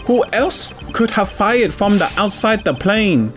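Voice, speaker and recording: A man's voice: high-pitched, expressive, unhurried, a bit bright, soft background music, voice pushed up. A man playing a scornful, barking president. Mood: imperious. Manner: imperious, scornful, barking commands. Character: arrogant domineering male president, older man. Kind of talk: reading game dialogue aloud on a stream.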